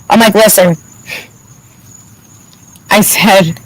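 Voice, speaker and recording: A woman's voice: mid-range voice, steady tone, a little slow, pauses often, rough recording. A fired-up woman telling a story, swearing freely. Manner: heated, profane storytelling with lots of reported dialogue. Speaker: vlogger telling her side of a story. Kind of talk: casual storytime.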